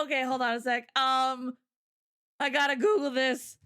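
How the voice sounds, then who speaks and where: A woman's voice: high voice, little pitch movement, normal speed, pushed and bright. A young Canadian woman with a Canadian accent, hosting a casual livestream chat in a giggly, rambling way full of fillers. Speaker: livestream host.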